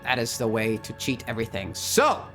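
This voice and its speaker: A man narrating his solo tabletop role-playing game and reading out rules, who gets excited by dice rolls. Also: mid-range voice. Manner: excitable, laughs at dice results.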